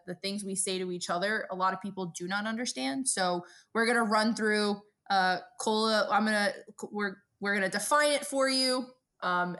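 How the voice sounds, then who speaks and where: A woman from Brooklyn with a New York accent, co-hosting a casual podcast chat and telling stories with plenty of swearing. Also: medium pitch. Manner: profane, storytelling, animated. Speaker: podcast co-host.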